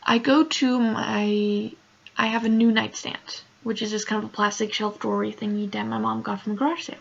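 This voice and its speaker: Upset young woman vlogging, gravelly voice. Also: mid-range voice, flat delivery, a little fast, muffled recording. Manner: emotional, rambling, many "like" fillers. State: upset, close to tears. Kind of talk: casual storytelling vlog.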